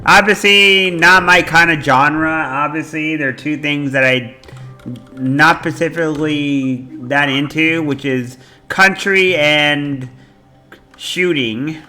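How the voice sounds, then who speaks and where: Animated, bright-voiced male streamer. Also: fairly high pitch, slow pace, soft background music. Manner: rambling, animated, swears freely. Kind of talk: casual chat while gaming on stream.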